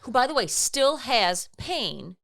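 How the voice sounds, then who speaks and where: A young adult woman co-hosting a podcast, telling a story in casual chat and acting out quoted voices with lively swings. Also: on the high side, takes it slowly, gravelly. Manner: animated, acts out quoted voices. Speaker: podcast co-host.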